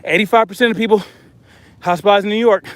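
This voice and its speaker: Breathless man, high pitch, blunt outdoor vlog monologue while hiking. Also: steady tone, fast talker, no room sound. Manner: blunt, chatty, addresses viewers as y'all. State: out of breath from hiking uphill with a pack. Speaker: vlogger.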